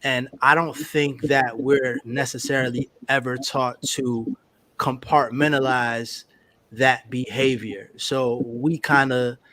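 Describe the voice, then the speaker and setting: A man's voice: mid-range voice, steady tone, slow, bright, forceful tone, no room sound, rough recording. Man musing thoughtfully with hesitant fillers. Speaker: panelist. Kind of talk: casual panel discussion.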